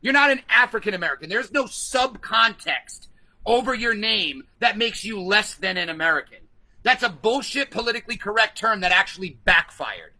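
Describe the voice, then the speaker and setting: A man's voice: sits high, animated, moderate pace, pushed and bright, poor audio. A man ranting combatively to camera in a profanity-laden vlog, then reading out and answering viewer comments. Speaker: vlogger.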